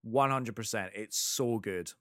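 A man's voice: lowish voice, a little slow, a bit bright, no echo, studio quality. A man co-hosting a casual podcast chat about films, gushing with enthusiasm. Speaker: podcast co-host.

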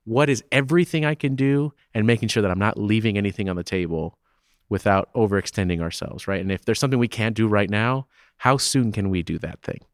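A man's voice: fairly low pitch, brisk, clean tone, dry recording. A man in his thirties, a theater owner being interviewed, talking emphatically and tagging points with "right?". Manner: emphatic, keeps asking "right?" to drive points home. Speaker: theater owner and festival director guest. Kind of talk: conversational interview. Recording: dry close-mic podcast sound.

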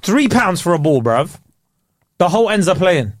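A man co-hosting a podcast, telling stories in animated, slangy casual chat. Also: high voice, moderate pace, no room sound, studio quality. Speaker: podcast co-host.

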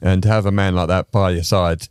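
A man's voice: deep voice, steady tone, a little fast, a little mellow, clear, resonant tone, no room sound, clean studio sound. A man hosting a casual golf podcast, chatty and rambling with lots of fillers. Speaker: podcast host.

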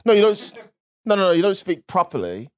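A man's voice: high voice, big pitch swings, quick pace, no echo, clean studio sound. A man in his thirties with a Black Country accent and a lisp on his S sounds, co-hosting a casual comedic chat in a blunt, teasing way. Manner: blunt, teasing, laughs often. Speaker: podcast co-host.

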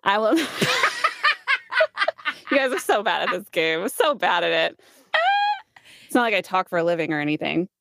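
A woman's voice: medium pitch, big pitch swings, a little slow, gravelly, pauses often, noisy background. Giggly woman co-host. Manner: giggly, self-deprecating. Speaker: podcast co-host. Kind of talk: casual chat, comedy game.

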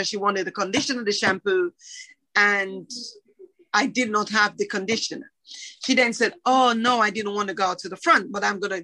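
Animated woman telling a shop story. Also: mid-range voice, poor audio. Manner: animated, acts out dialogue. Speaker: shop owner. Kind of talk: storytelling interview.

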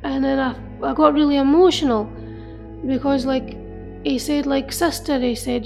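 High, gravelly woman recalling. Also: fairly even intonation. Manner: earnest, halting, repeats herself. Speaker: interviewee. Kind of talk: emotional personal recollection. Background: soft music.

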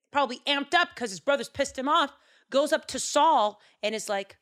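A woman casually retelling a Bible story, animated and chatty with jokey asides. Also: high-pitched, measured pace.

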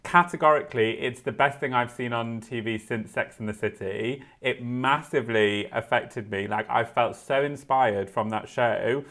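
Effusive man, mid-pitched voice. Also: normal speed, few pauses. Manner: effusive, excitable, gushing. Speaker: podcast co-host. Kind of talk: casual chat.

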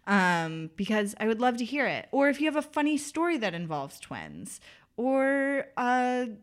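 A woman's voice: a little high, big pitch swings, a little slow. A young woman from the American South hosting a podcast, chatting casually and laughing easily. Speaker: podcast host. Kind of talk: casual chat.

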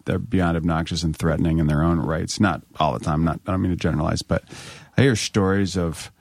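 Very low-voiced man, dry sound. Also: steady tone, brisk, creaky, a little mellow, dry recording. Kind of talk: casual chat.

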